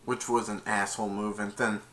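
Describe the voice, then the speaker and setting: A man's voice: fairly low pitch, flat delivery, brisk, a bit bright. A young man casually retelling a movie's plot in a rambling, loose way, stringing events together with "and then". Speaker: movie reviewer.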